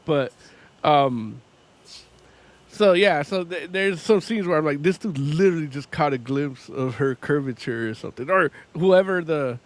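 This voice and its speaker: Male podcast co-host, slightly high pitch, loose and profane, laughs mid-sentence. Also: expressive. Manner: rambling, profane, laughs often, does quick impressions. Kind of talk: casual chat.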